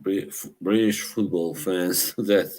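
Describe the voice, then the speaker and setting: On his live stream, a man with a low, darkish voice keeps a steady tone and slow pace. He banters casually with viewers as he reacts to chat, teasing them and laughing frequently.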